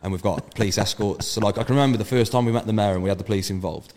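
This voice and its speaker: A man's voice: fairly low pitch, rapid-fire, darkish tone, a little hiss or hum. A man telling brash, sweary road-trip stories as a podcast guest. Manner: brash storytelling, heavy swearing. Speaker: podcast guest, event organiser. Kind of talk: casual podcast chat.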